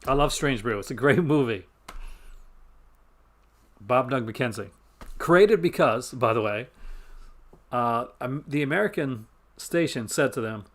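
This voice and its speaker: A man from Newfoundland talks with a Canadian accent in casual live-stream chatter. His pitch sits at an ordinary middle level. He rambles, trips over his own sentences and chuckles along the way. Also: expressive, unhurried, long pauses. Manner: rambling, self-interrupting, chuckles often.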